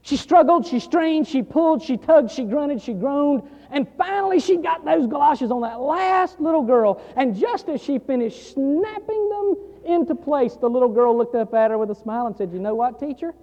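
A male pastor preaching a sermon, emphatic and repetitive, building louder on key lines. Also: very high voice, animated, moderate pace. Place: church sanctuary. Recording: dull sound in a long reverberant hall.

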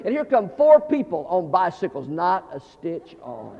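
A middle-aged man preaching a humorous storytelling sermon, animated, with stammering restarts and phrases repeated for effect. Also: high voice, measured pace, vocal fry, hardly any pauses. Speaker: pastor. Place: large church sanctuary. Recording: dull, reverberant church hall recording.

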